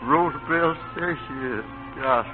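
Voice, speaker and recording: An actor plays a faithful older servant, calm and steady. He speaks quietly in dialect, a little high for a man. The sound is thin and phone-like, with music behind. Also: measured pace, close to an everyday voice. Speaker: actor in an old film. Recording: tinny old film soundtrack with music.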